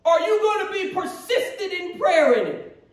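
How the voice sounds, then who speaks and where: Man, pastor mid-sermon, very high voice, heard from a distance in a booming church, fervent and shouting. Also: lively intonation, normal speed, noisy background. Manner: fervent, rising to shouts, repeats phrases. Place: church sanctuary. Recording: echoey church hall from far off, congregation behind.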